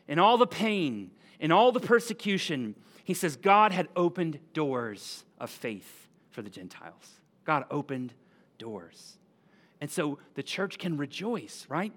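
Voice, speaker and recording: Pastor, male, lively conversational sermon delivery, slightly high voice. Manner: animated, conversational, asks the room "right?".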